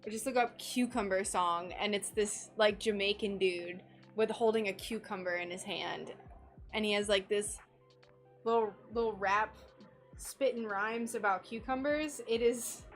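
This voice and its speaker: A woman's voice: mid-range voice, measured pace, soft background music. A woman hosting a craft livestream, chatting casually and laughing often as she reads viewer comments. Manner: chatty and giggly, with frequent laughter. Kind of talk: casual chat while working, reading viewer comments. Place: home workshop in Florida.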